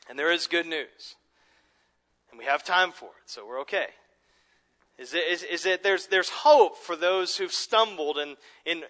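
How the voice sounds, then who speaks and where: Earnest preacher in a reverberant hall. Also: male voice, on the high side. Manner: earnest preaching, swings between soft and emphatic. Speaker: pastor. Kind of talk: sermon.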